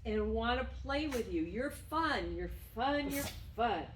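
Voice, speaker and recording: A woman dog trainer explaining and demonstrating games with her dog, breaking into loud, effusive praise. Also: on the high side, lively intonation, unhurried, a little hiss or hum. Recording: roomy sound from a distance.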